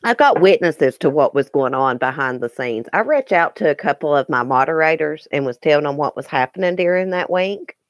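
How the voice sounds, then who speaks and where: A woman's voice: deep voice, expressive, brisk, hardly any pauses, no echo, clean studio sound. A woman hosting a casual live stream, chatting earnestly with viewers and replying to their comments. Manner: chatty and earnest, with frequent ums and restarts. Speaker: YouTube live-stream host.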